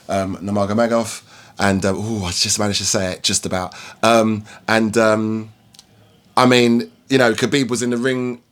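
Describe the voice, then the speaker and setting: Rambling man, lowish voice. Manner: rambling, lots of ums and restarts. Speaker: MMA vlogger. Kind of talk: casual fight review chat.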